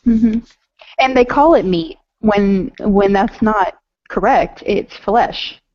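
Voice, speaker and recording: A woman's voice: medium pitch, slow, no room sound. A woman in casual chat, agreeable and chiming in. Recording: dull lo-fi sound.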